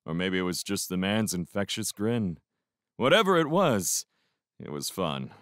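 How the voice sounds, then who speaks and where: Casting: deep-ish male fan audiobook narrator, slow and lively, dry close sound. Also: clear, resonant tone, dry recording. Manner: slow, expressive first-person narration. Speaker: audiobook reader.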